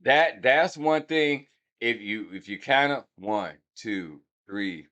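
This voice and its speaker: A man's voice: medium pitch, sing-song, unhurried, fairly bright tone. A man hosting a hip hop breakdown channel, talking casually and brashly to his viewers and counting out beats aloud to explain rhythm. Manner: brash, talks straight to viewers. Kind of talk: casual music breakdown commentary.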